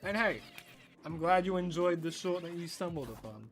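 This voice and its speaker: A young man streaming a game, telling stories to his chat in an animated way and laughing often. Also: fairly high pitch, normal speed. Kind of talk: casual live-stream chat while gaming.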